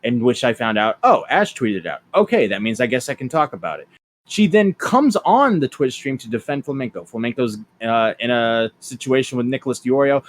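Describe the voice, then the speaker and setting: A man hosting a casual podcast, talking quickly and offhandedly with fillers and crude humor. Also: medium pitch, big pitch swings, slight background noise. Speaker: podcast host. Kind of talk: casual podcast chat, reading messages aloud.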